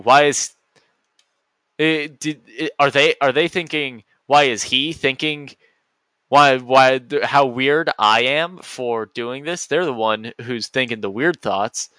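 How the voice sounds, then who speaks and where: A man's voice: medium pitch, slow pace, pauses often, sharp tone, no echo. A man hosting a solo podcast, rambling goofily and often cutting himself off mid-sentence. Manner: goofy, rambling, self-interrupting. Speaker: podcast host.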